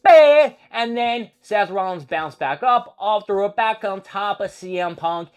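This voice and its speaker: A man hosting a show, recapping a wrestling feud in a casual, profane, animated storytelling manner. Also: high-pitched. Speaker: host.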